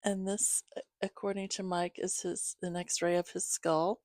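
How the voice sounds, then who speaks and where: A woman hosting her own channel, chatting casually with viewers as she shows gifts, giggling often and filling pauses with "um". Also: lowish voice, level tone, darkish tone, no room sound. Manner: chatty, giggly, many fillers. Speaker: channel host reading to her cats. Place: home, reclining.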